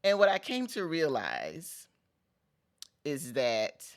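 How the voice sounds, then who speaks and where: Creaky-voiced middle-aged male pep-talk host. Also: a little high, huge pitch swings, slow. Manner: conversational, emphatic, repeats phrases for emphasis, casual slang. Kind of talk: motivational pep talk vlog.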